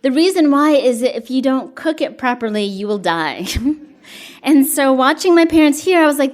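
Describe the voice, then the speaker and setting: A woman's voice: high-pitched, animated, normal speed. A woman poet at a live reading, reading poems and telling self-deprecating stories between them, laughing and chatty, with many fillers. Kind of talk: poetry reading with spoken storytelling between poems.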